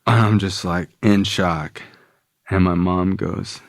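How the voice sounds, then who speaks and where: A man's voice: deep voice, steady tone, slow pace, dry recording, studio quality. A man guesting on a podcast, telling his own story candidly, with profanity and frequent "like" and "you know". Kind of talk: personal storytelling.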